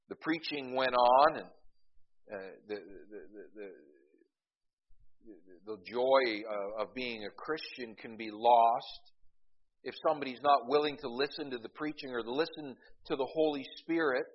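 A man preaching a sermon as pastor. He swings from quiet asides to loud, emphatic peaks and often restarts his words. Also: mid-range voice, unhurried, breathy edge, highs cut off.

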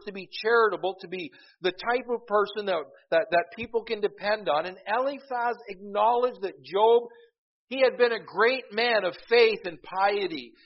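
A man preaching a sermon in a conversational way, often repeating words as he goes and swelling louder for emphasis. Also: high-pitched. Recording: dull, lo-fi recording.

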